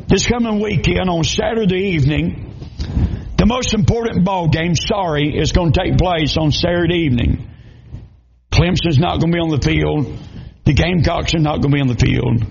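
A Southern pastor from Georgia preaches with a high, gravelly voice. He tells folksy, funny stories and sometimes raises his voice to drive a point home. The recording sounds dull and lo-fi. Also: darkish tone, a little hiss or hum. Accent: Southern American (Georgia). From South Georgia, USA. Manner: folksy storytelling, humorous, raising voice to preach. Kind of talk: sermon.

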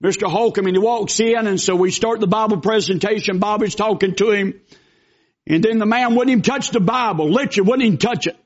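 A man's voice: high-pitched, a little fast, muffled recording. A man preaching a sermon as pastor, telling stories in an earnest way with emphatic bursts.

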